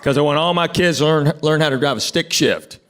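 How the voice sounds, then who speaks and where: A male stand-up comedian telling stories in a deadpan way, acting out both sides of the back-and-forth dialogues. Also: a little high, brisk, a crowd in the background. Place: comedy club stage. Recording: loud audience laughter.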